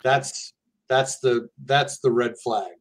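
A man's voice: mid-range voice, steady tone, slow. A man speaking as a guest in a casual conversation, candid and earnest.

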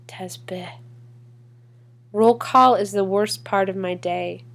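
A woman performing a spoken word poem in a measured, deliberate way with long pauses. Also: medium pitch, vocal fry, fairly bright tone. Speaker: poetry reader. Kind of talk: spoken word poetry reading.

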